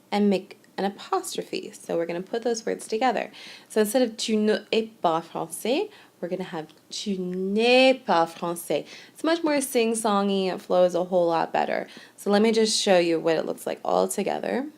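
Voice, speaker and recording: A woman's voice: mid-range voice, a little fast, gravelly, darkish tone. A woman narrating a recorded lesson as a teacher, explaining step by step in a patient, plain way. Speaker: French teacher.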